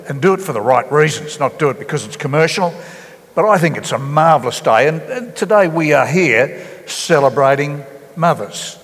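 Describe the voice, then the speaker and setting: A man preaching a sermon as pastor, earnest and halting, with many fillers and restarts. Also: medium pitch, breathy edge, big-room sound. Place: church hall.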